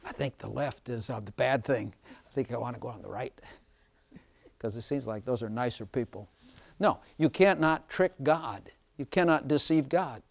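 A man preaching an informal sermon, chatty and often laughing, slowing down to stress scripture lines. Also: medium pitch, vocal fry.

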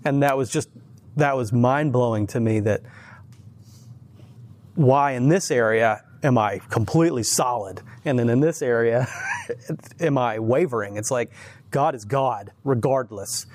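A man who teaches at church, telling faith stories in an earnest, animated way in a casual conversation, often restarting his sentences. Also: medium pitch, measured pace, long pauses.

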